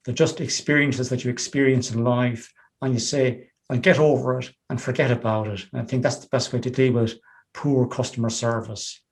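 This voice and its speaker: A man hosts an interview in a mid-range voice. He speaks in a measured, reflective way, sharing views before moving on to his next question. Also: mid-range voice, little pitch movement. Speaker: show host. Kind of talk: interview conversation.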